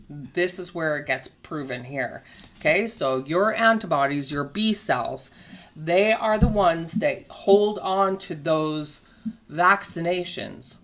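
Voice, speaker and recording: A woman teaching a casual health lesson. She explains patiently with everyday comparisons and often checks in with "okay?". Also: sits low. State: has the hiccups. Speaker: health educator.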